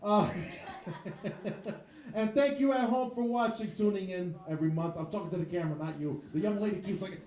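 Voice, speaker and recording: A man's voice: high voice, normal speed, darkish tone, echoey room. A man hosting a comedy show in a bar, loosely signing off with repeated "all right" and "cool.". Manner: loose, repetitive sign-off talk. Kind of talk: stand-up show closing. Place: bar stage before a live audience.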